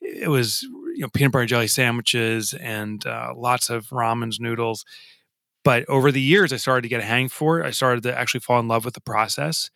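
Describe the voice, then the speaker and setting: Bright, animated man telling his story. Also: medium pitch, a little fast, creaky, dry recording. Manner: animated and self-deprecating, with frequent stammered repeats. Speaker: guest, author and entrepreneur. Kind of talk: casual interview storytelling.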